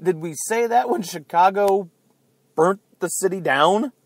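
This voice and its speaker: Out near beeping buses, a podcast host delivers a rambling, sarcastic political rant in a chatty style, often laughing at his own jokes. His voice is high-pitched and measured in pace, and the recording is dry.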